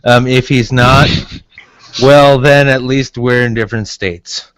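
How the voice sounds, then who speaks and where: A man's voice: medium pitch, steady tone, slow, fairly bright tone, dry recording, poor audio. Male co-host, tipsy, joking and sarcastic, casual group banter. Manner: joking, sarcastic, laughs often. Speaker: stream co-host. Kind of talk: casual group chat on a livestream.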